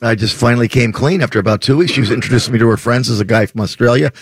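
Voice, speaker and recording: A man's voice: mid-range voice, racing, husky, dry recording, clean studio sound. A man, a comedian on a talk show, telling self-deprecating stories in casual banter. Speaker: comedian guest.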